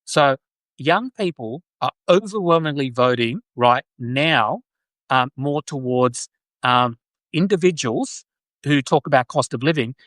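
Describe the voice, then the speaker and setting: A man's voice: fairly high pitch, a bit bright, no echo. A man from Australia with an Australian accent, hosting a podcast live stream and chatting casually in a rambling way, full of fillers and restarts. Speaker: podcast host.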